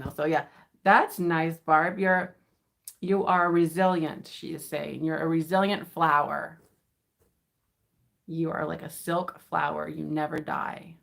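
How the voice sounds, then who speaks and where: A woman's voice: lowish voice, takes it slowly, vocal fry. A tired woman chatting on a live stream while unboxing, giddy and rambling, laughing often. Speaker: vintage reseller hosting an unboxing. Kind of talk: casual live-stream chat.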